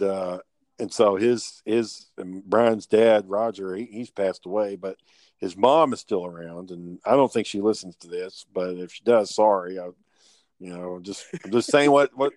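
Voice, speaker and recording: Man, podcast host, low-pitched, dry close sound, rambling and profane storyteller. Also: steady tone, moderate pace, darkish tone, no room sound. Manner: rambling, profane, laughs while telling stories. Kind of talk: casual storytelling chat.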